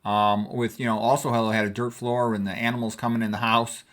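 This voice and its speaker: An older American man in his sixties talks in a loose, conversational way, wandering from one memory to the next and repeating himself for emphasis. He sounds like a physician sharing family stories over old photos, at an ordinary middle pitch. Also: little pitch movement, fairly quick. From United States. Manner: rambling, conversational, warm reminiscing. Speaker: physician vlogger.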